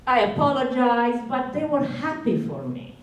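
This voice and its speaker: A woman's voice: high voice, big pitch swings, moderate pace. Woman, emphatic inspirational talk, distant mic, reverberant hall. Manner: passionate and emphatic, with a strong accent. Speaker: guest speaker. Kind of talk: inspirational speech at a lunch event. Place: college event room. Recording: echoey hall, speaker far from the mic.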